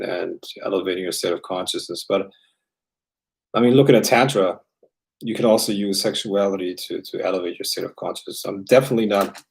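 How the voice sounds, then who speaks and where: Rambling, low-voiced male host. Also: gravelly, a little mellow. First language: raised bilingual. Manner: rambling, loose, with many fillers and restarts. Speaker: host answering viewer questions. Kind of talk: casual livestream chat.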